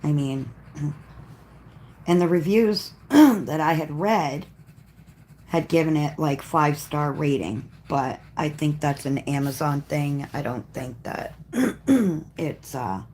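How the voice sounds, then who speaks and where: A woman hosting a live coloring stream, chatting casually in a rambling way and often clearing her throat as she works. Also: low-pitched, takes it slowly, darkish tone. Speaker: coloring livestream host. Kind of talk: casual livestream chat while coloring.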